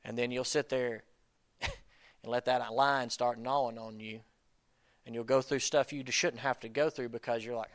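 A bright, forceful-sounding man, preaching in a loose, conversational way. He drifts through asides, then pushes his voice up into sudden loud bursts. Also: mid-range voice, normal speed. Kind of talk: sermon.

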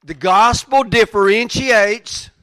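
A man delivering a sermon with a somewhat high voice, preaching in a folksy, down-to-earth way. He drives points home by repeating lines and shifting between loud and hushed delivery. The sound is dry and close, with no room echo. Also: slow pace. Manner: emphatic, repeats phrases for effect, swings between loud and soft; plain-spoken, folksy preaching. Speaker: pastor.

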